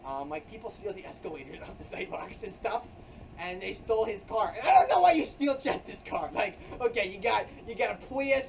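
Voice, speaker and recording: A rambling comic storyteller who piles up "like"s and restarts, with sudden exaggerated jumps in pitch and loudness. The voice is caught by a camera mic some distance away in a hot indoor room. The sound is dull, with a faint air-conditioner hum behind it. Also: lively intonation, brisk. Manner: rambling, filler-heavy, with frequent "like" and restarts. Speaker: comedy vlogger.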